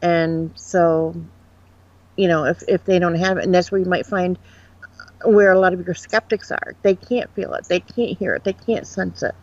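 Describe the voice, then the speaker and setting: A psychic medium from Upstate New York, guesting in a casual interview, rambles frankly and animatedly about her experiences. Her voice is fairly low with fairly even intonation at normal speed, with no echo, though the lo-fi recording sounds dull.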